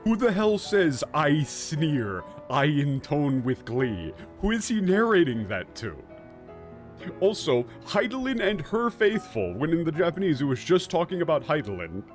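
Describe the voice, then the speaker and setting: A man's voice: high voice, very animated, moderate pace, soft background music. A man giving casual, sarcastic commentary on a game's story, swearing and laughing often. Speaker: streamer.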